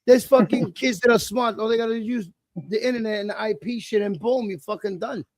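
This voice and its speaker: A middle-aged man, talking bluntly and profanely in a casual chat, telling animated stories. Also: high voice, fairly quick, dry recording. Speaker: livestream host.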